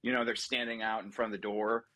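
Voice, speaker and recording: A man's voice: fairly low pitch, flat delivery, fast, sharp tone. A man in casual podcast chat, talking loosely with hedges and the odd swear. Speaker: podcast co-host.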